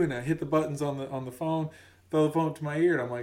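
This podcast co-host, a man in his thirties, talks fast in a slightly high voice while spinning a lighthearted comic tale. He animatedly performs each character's voice, and the recording comes from afar in an echoey room.

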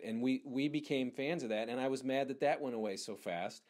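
A man's voice: mid-range voice, fast talker, a little mellow. A male interview host with a mid-range voice, eager and fan-like in tone. His questions ramble, circling back and restarting before they land. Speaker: podcast host. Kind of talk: casual interview chat.

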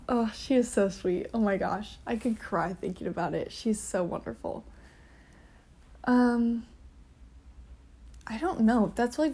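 A woman's voice: medium pitch, mellow. A young woman hosting her own podcast, talking in a chatty, earnest way, with frequent ums and gushing asides. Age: young adult. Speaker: podcast host. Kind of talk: casual solo podcast chat.

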